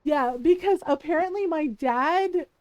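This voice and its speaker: High-voiced chatty woman streamer. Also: unhurried, a little mellow, dry recording, poor audio. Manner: chatty, laughs often, acts out quoted dialogue. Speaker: livestreamer. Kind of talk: casual storytelling while gaming.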